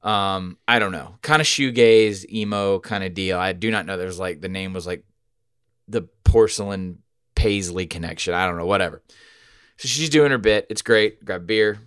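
Animated, rambling man telling a story. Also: deep voice, normal speed, smooth, no room sound, clean studio sound. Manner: animated, rambling, profane, with sudden loud outbursts. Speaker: podcast host. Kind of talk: casual storytelling chat.

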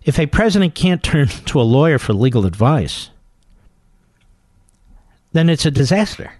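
A man hosting a talk radio show, delivering an emphatic, combative monologue and slowing down to hammer his points home. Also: fairly high pitch, sing-song, darkish tone, no room sound, clean studio sound.

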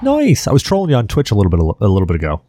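A man's voice: fairly low pitch, huge pitch swings, rapid-fire, mellow. A man hosting a podcast, telling a rambling, profane story in casual chat. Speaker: podcast host.

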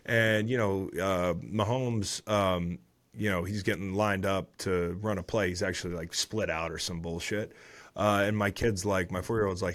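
A man's voice: low voice, fairly even intonation, moderate pace, fairly bright tone. A man in his thirties, a former football player hosting a podcast, recapping the week's games in casual chat with swearing and rambling asides.

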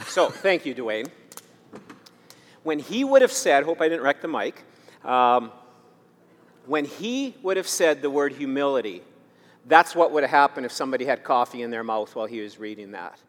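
A man's voice: medium pitch, lively intonation, normal speed, long pauses. Emphatic preaching man in a reverberant hall. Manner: emphatic, repeats exhortations, swings from loud to quiet. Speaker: pastor. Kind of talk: sermon. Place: church sanctuary.

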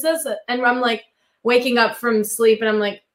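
A woman's voice: on the high side, normal speed. Laid-back young woman, casual interview. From Canada. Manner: relaxed, heavy use of "like". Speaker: guest, country music singer.

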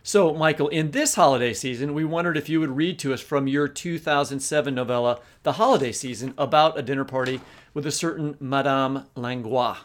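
A man's voice: mid-range voice, brisk. A man hosting a literary podcast, asking questions with playful asides. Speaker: podcast host. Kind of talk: podcast interview.

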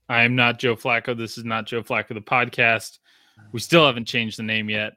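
A man's voice: mid-range voice, little pitch movement, moderate pace, pushed and bright, soft background music. A man who grew up in Australia hosts a podcast in a casual chat, rambling through stories with lots of fillers and restarts. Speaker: podcast host.

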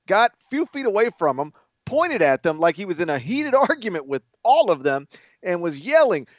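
Sports host, male, animated storyteller, slightly muffled dry studio audio. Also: sits high, normal speed, dry recording. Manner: animated storytelling, acts out quotes with shouts. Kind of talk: late-night casual sports chat.

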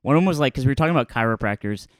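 Male co-host, mid-pitch, chatty storyteller, dry mic. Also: expressive, very fast, no echo. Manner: storytelling, laughs often. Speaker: podcast co-host. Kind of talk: casual chat.

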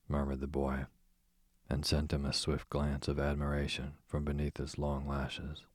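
A man calmly reading a story aloud to help listeners fall asleep. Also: rumbling low, unhurried, no echo, clean studio sound. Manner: calm, soothing reading for sleep. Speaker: narrator.

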